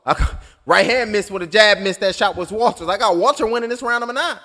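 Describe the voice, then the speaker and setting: A man's voice: high voice, quick pace, pushed and bright, long reverb tail. A man calling a boxing match blow by blow, profane and joking as he goes. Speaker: boxing commentator. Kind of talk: live blow-by-blow commentary.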